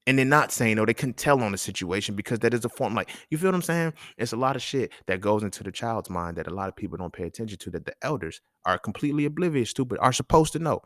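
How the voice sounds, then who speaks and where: A man hosting a solo talk episode, ranting in an animated, casual way full of slang and profanity. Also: on the low side, fast talker, hardly any pauses, dry recording, studio quality. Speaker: podcast host. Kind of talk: solo monologue rant.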